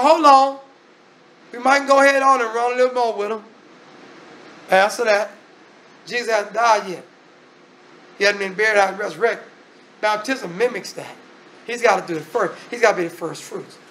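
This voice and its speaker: High-voiced preacher man, keeps repeating himself for emphasis, reads scripture then riffs on it. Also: creaky, a bit bright, slight background noise. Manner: emphatic, repetitive, reads scripture aloud with asides. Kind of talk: sermon.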